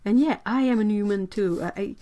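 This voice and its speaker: Chatty expressive woman. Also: medium pitch, fairly quick. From Quebec, Canada. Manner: chatty and expressive, exclaims and laughs often. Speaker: livestream host. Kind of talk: casual livestream chat reading viewer comments.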